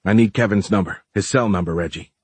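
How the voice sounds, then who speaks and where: A man's voice: deep voice, fast, husky, no room sound. A man doing a terse, impatient insomniac. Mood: impatient, demanding. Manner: terse, insistent. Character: sleepless, impatient man, demanding and tense.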